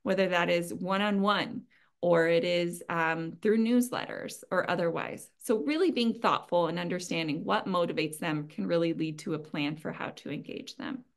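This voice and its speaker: Practical advice comes from a webinar presenter in an online training session, her voice lowish and gravelly at a normal speed. She sounds earnest and conversational, with plenty of ums and small laughs along the way.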